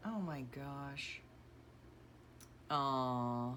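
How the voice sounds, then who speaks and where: Her voice is low-pitched and a bit bright, with lively intonation and an unhurried delivery. She's a middle-aged vlogger chatting casually and sentimentally while sorting craft keepsakes, gushing and rambling. Slight background noise can be heard.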